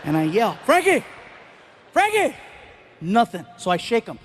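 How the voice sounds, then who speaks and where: A male stand-up comedian tells animated stories on stage in a notably high voice. He throws in sound effects. A faint hum of noise sits behind him. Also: brisk.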